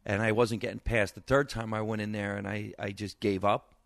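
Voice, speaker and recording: A man's voice: on the low side, fairly quick, vocal fry, no room sound. A middle-aged man from New Jersey with a New Jersey accent, a comedian chatting as a radio guest and telling stories. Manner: storytelling, animated impressions of his mother. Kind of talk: casual interview chat.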